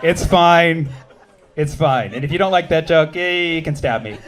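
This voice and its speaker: A man doing a stand-up comedy set on a club stage, quick and sardonic, trading jabs with the audience. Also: on the high side, fairly bright tone, a little hiss or hum. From United States. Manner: quick, sardonic, jumping between bits and audience banter.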